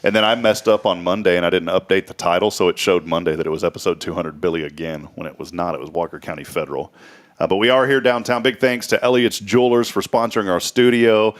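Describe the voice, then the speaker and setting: A man hosts a morning talk show, spinning loose stories and tossing in quick jokes. His voice sits a little low and relaxed. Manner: joking, rambling storyteller with quick asides. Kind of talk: casual chat.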